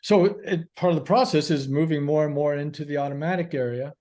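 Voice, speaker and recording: A man's voice: a little high, fast talker, a little mellow. A man talking as a guest author on a podcast, explaining ideas patiently step by step. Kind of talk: casual podcast chat.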